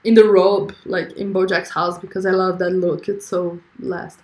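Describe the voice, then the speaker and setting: A woman's voice: medium pitch, expressive, slow pace. Effusive young woman in an echoey room. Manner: chatty and effusive, reading viewer comments aloud. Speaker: livestream host. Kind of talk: casual livestream chat.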